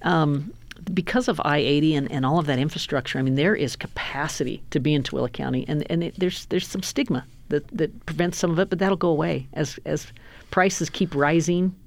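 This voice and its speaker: Woman radio host, quick upbeat talker, dry studio sound. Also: sits low, creaky, dry recording. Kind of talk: political talk radio chat.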